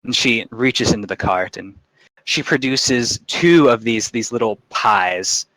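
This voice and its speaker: Bright-voiced man running a tabletop game. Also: mid-range voice, slow, no room sound, rough recording. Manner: casual, many restarts. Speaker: game master.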